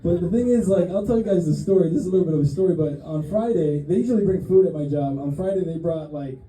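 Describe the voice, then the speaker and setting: Rambling young comedian in a roomy club. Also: male voice, a little high, fast talker, dark tone. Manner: rambling, self-deprecating, laughs at own jokes. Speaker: stand-up comedian. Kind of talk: stand-up set. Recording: roomy club stage sound.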